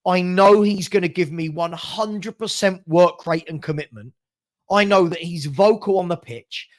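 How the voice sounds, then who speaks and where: A man's voice: high-pitched, unhurried. A man hosting a fan channel, ranting passionately about his football club in heated chat and stumbling over repeated words. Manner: passionate ranting, repeats himself, laughs often.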